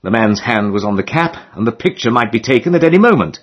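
Husky man reading a comic tale. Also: medium pitch, fast talker. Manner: lively, expressive storytelling with dry humor. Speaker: audiobook narrator. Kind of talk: scripted narration of a comic novel. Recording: dull lo-fi recording.

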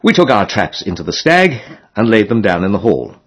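A man's voice: fairly low pitch, big pitch swings, moderate pace. A man narrating a comic novel as an audiobook, in a wry storytelling manner.

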